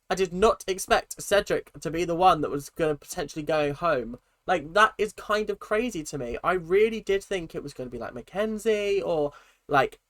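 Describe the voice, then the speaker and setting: Chatty man with a higher voice. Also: dry recording. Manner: chatty, animated, opinionated, with frequent restarts. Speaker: reality TV recap vlogger. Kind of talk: casual recap commentary.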